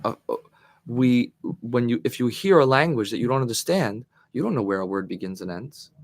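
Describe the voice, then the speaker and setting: Man, rabbi giving a Torah class, thoughtful lecture, pauses and restarts, stresses key words, answers the class. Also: mid-range voice, expressive. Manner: thoughtful, searching for words, emphatic on key phrases.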